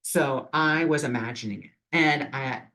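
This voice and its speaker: In an unhurried, medium-pitched voice with a sharp edge, a vlogger who also does spiritual readings offers casual, upbeat encouragement about imagination. His motivational talk wanders, packed with "you know," and it's captured on rough audio.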